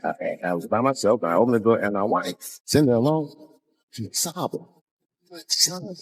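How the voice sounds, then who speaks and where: A man doing stand-up storytelling, animated and profane, swinging between loud bursts and hushed asides. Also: medium pitch, normal speed, husky, low-quality recording. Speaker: stand-up comedian.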